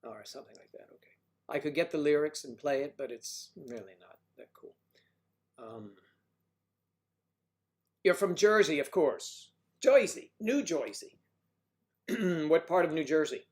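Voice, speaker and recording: A man hosting a livestream, chatting casually with viewers and joking about their names and hometowns, switching between loud bursts and quiet asides. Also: a little high, moderate pace, long pauses. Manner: playful, jokey, riffing on viewers' names and places. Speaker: livestream host. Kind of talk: casual chat reading viewer comments.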